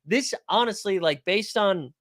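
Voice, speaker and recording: A man's voice: high voice, lively intonation, a little slow, a bit bright, no room sound, studio quality. A man hosting a fantasy sports live stream in a joking, rambling, profane casual manner.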